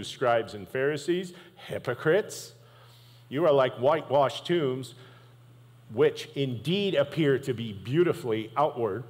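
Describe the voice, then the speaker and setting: A man preaching a sermon as pastor, talking conversationally and often checking in with the congregation by asking "right?". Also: medium pitch. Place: church sanctuary. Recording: long hall reverb.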